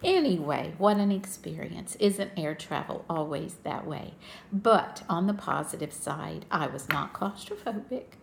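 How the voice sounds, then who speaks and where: A woman's voice: on the low side, expressive, a little slow, gravelly, a little hiss or hum. An older woman chatting to her viewers as a cross-stitch vlogger, telling a travel story in a friendly, talkative way.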